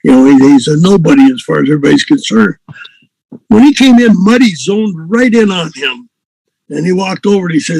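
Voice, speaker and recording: A man's voice: a little high, expressive, brisk, gravelly, darkish tone, no room sound, rough recording. An older man, a musician and host, telling a story in a rambling, chuckling way with many fillers. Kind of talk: casual storytelling.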